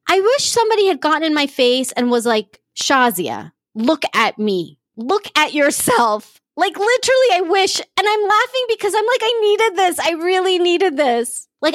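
A woman's voice: on the high side, dry recording, studio quality. A woman hosting a podcast as a coach, speaking straight to the listener in an emphatic motivational monologue with lots of repetition. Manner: emphatic, repeats phrases, direct address.

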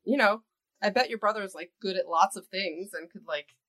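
A woman's voice: mid-range voice, fairly quick, fairly bright tone. A woman playing her character in a tabletop game, chatting casually. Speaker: player.

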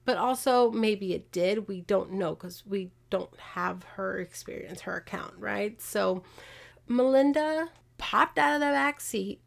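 A woman hosting a podcast, casually retelling a true-crime case with animated, exasperated asides. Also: medium pitch, a little slow, gravelly. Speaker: podcast host.

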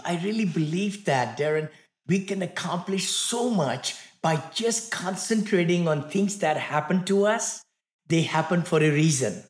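A man's voice: sits high, roomy sound. A man in his sixties from India with an Indian accent, a cheerful guest who laughs often in casual chat.

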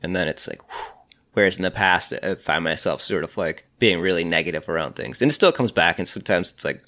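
A man's voice: low-pitched, fast talker, bright, forceful tone. A man co-hosting a podcast, talking reflectively in a casual conversation, with many fillers and restarts.

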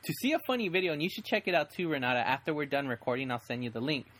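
A man's voice: a little high, big pitch swings, rapid-fire, a bit bright. A young man hosting a casual podcast, rambling enthusiastically with frequent restarts. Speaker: podcast host. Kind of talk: casual chat.

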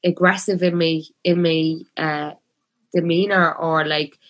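A woman in her twenties with a Dublin accent, chatting casually. Her voice sits a little low, and she talks with passion, packing her speech with fillers. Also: steady tone, a little slow, lo-fi sound. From Ireland. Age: 20s. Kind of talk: casual chat.

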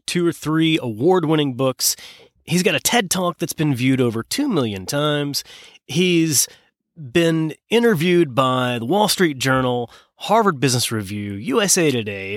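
A man hosting a business podcast, telling a story in an emphatic way with dramatic pauses. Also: a little high, lively intonation, dry recording, clean studio sound. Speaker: podcast host. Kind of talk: scripted podcast intro monologue.

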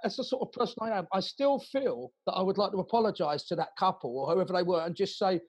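A man's voice: high voice, fast talker, husky. A man, a jazz musician hosting the chat, telling a personal story in a chatty, laughing manner. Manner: warm, chatty anecdotes with laughter and repeated words. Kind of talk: casual conversation.

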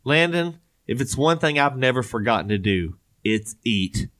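A man's voice: mid-range voice, lively intonation, normal speed, fairly bright tone. A man, co-hosting a casual chat in which he reads odd news stories with joking, rambling asides and frequent laughs. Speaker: podcast co-host.

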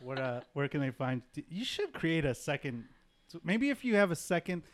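A podcast host with a lively voice that rises and falls freely, teasing and joking with the guest. The delivery is playful and conversational, sitting at a middling pitch. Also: normal speed. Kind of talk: casual podcast chat.

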